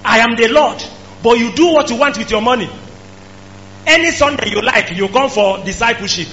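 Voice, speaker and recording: A male preacher, delivering an emphatic sermon that rises to shouts. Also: very high voice, normal speed. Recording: dull lo-fi recording with faint hum.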